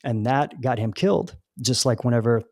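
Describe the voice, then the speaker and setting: A man talks as a podcast guest, unfolding his spiritual views with long, earnest explanations and little stories along the way. His voice sits at an ordinary middle pitch. The recording is dry and close, with almost no room sound. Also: expressive, normal speed, a little mellow, no room sound. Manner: earnest, explains at length with storytelling asides. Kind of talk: conversational spiritual discussion.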